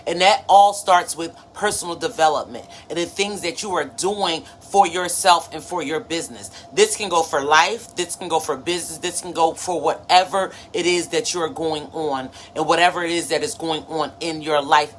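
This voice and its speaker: Woman, 30s, live-stream motivational host, preachy but chatty, low voice, slight background hiss. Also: normal speed, hardly any pauses. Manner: preachy, conversational, greets viewers by name. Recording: faint background noise.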